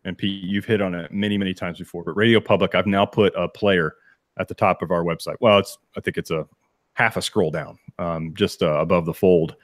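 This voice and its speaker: A man with a deep, low voice co-hosts a casual sports podcast. He rambles and restarts a lot, with laughing asides. The sound is dry and close in a home studio. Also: steady tone, brisk, no echo. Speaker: podcast co-host.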